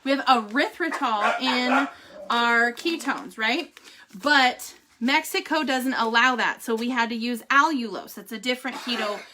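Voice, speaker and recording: A woman's voice: on the high side, unhurried, noisy background. A middle-aged woman, chatting animatedly in a casual vlog and laughing often. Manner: animated, laughs often, says "holy cow" and "y'all". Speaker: vlogger giving a family update and product review.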